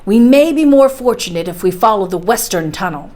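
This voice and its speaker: A woman voicing a stubborn, fearless older male professor in a storybook reading, speaking in a forceful, commanding way. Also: mid-range voice, expressive, close to an everyday voice. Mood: persuasive. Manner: forceful and commanding, slowing to insist.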